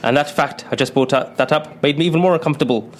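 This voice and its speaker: A man's voice: medium pitch, fast talker, close to an everyday voice. A man playing an anxious, uptight British client in a comedy radio sketch, talking in a flustered, self-conscious way. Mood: fretful.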